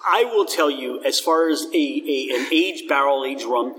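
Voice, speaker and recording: A man's voice: medium pitch, normal speed, a bit bright, recorded from a distance, a little hiss or hum. Upbeat man with a reverberant sound. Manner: enthusiastic, descriptive, rambling. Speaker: host. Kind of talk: casual tasting chat. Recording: long hall reverb.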